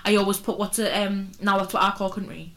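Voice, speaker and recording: A woman's voice: medium pitch, steady tone, fast talker, fairly bright tone. A woman in her twenties co-hosting a podcast, chatting casually with a teasing, laughing manner. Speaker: podcast co-host. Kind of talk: casual chat.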